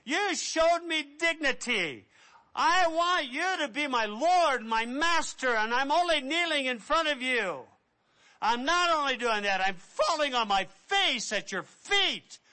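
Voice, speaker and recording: A man's voice: very high voice, expressive, unhurried, pushed and bright, pitched above the performer's own voice, full character voice, poor audio. A man voicing an overjoyed healed man who pours out thanks and praise. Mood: grateful. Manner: eager, effusive thanks.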